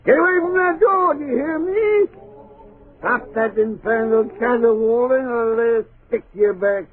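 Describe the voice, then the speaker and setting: An actor playing a miserly, bitter old man in a 1940s radio drama, with a raspy, snarling voice. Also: sits high, very animated, moderate pace. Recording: tinny lo-fi old radio broadcast.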